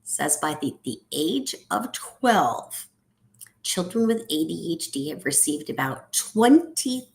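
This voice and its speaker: A middle-aged woman coaching on a podcast, her voice low for a woman yet swinging widely in pitch. She talks unhurriedly, rising into high lifts and sinking to near whispers. The monologue feels reflective and personal. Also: vocal fry. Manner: lively, sing-song delivery with sudden high lifts and drops to near whisper. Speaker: ADHD coach.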